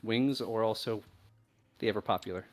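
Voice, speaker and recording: A man's voice: lowish voice, normal speed. A man playing a tabletop game, chatting casually and playfully with the game master. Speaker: player.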